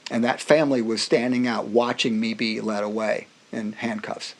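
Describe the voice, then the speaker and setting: A middle-aged man, appearing as a music professor guest on a podcast, shares personal stories in conversation with animated energy. His voice is medium-pitched and moderately paced, and he acts out other people's voices while frequently restarting his sentences.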